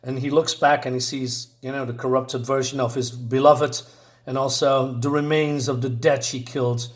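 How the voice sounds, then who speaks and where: A man's voice: medium pitch, level tone, normal speed. A man reviewing a comic book, recapping the plot in a rambling, casual way and reading character lines aloud.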